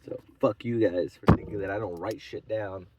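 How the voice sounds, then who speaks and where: A man's voice: on the low side, steady tone, moderate pace, lo-fi sound, heavy background noise. A man in his twenties telling a rambling, profane, mocking story in a casual vlog. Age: 20s. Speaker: vlogger.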